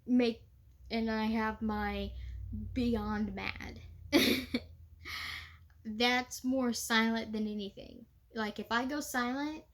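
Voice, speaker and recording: A young woman reenactor talking in a casual, chatty way, with many fillers and laughs. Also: fairly high pitch. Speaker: living history reenactor. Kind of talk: casual vlog talk.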